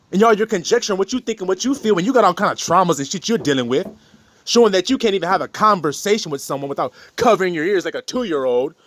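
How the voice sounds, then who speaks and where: A man's voice: high voice, no room sound. A man delivering a blunt, profane preachy monologue, rebuking his listeners and mocking them in put-on voices. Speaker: online preacher.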